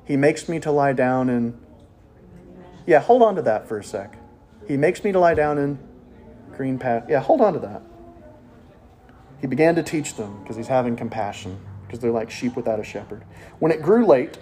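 A preacher giving a sermon in church, telling the story in a lively, jokey way and often checking in with his listeners. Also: high-pitched, normal speed, long pauses, slight background noise.

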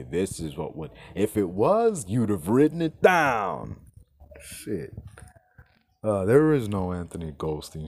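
A man's voice: low-pitched, gravelly. A man hosting a podcast, ranting with exasperated, sarcastic, profane commentary. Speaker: podcast host.

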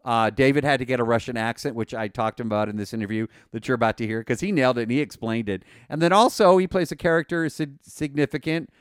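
A man co-hosting a podcast, talking casually and excitedly with many fillers and restarts. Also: medium pitch, fast, few pauses, clear, resonant tone, no echo, studio quality. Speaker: podcast co-host.

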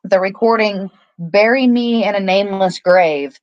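A woman's voice: mid-range voice, unhurried, no room sound, muffled recording. Chatty, swearing woman podcast host. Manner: chatty, swearing, laughing often. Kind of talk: casual movie discussion. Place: at home.

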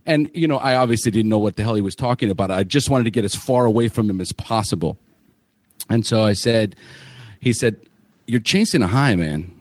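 A man's voice: fairly low pitch, a little fast, a little mellow, dry recording. A man hosting a podcast panel, telling his own story of getting sober in a candid, blunt way, swearing freely and restarting his sentences. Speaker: podcast host.

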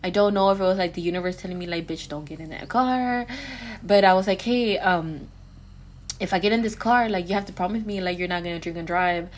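A woman's voice: on the low side, steady tone, fast talker, slight background noise. A woman guest talking in a candid, rambling way, full of filler words, in a casual podcast conversation.

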